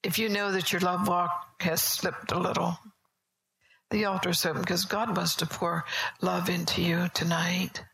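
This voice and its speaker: A woman preaching a sermon at a church service, telling stories in a conversational way, often soft and whispery. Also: lowish voice, flat delivery, measured pace, vocal fry, poor audio.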